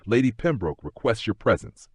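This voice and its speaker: A man's voice: on the low side, big pitch swings, moderate pace, breathy edge, no echo, clean studio sound, pitched above the performer's own voice, full character voice. A man playing a cold, possessive aristocrat husband. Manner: tight and sharp.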